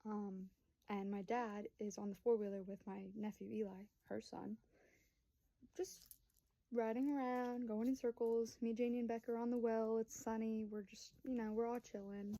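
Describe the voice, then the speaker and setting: A woman's voice: on the high side, little pitch movement, normal speed, warm tone, poor audio. A woman in her early twenties telling a family story to camera in a rambling, chatty way, full of fillers and acted-out quotes. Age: 20s. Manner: acts out voices of family in quotes. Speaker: vlogger and young mother.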